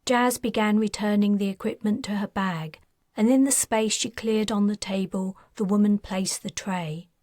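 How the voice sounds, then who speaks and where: A woman narrating her own science fiction audiobook in a measured, even way on a close studio mic. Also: mid-range voice, no echo.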